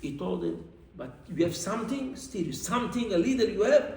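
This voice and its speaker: A man's voice: normal speed, gravelly, roomy sound, low-quality recording. A man, a rabbi, telling a Torah story in non-native English mixed with Hebrew terms and crying out the characters' pleas. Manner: animated, cries out the widow's pleas in a high voice.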